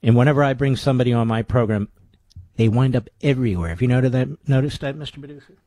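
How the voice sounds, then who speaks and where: A man's voice: medium pitch, quick pace, warm tone, no echo, clean studio sound. A man hosting a talk radio show, ranting sarcastically through rhetorical questions in an indignant monologue.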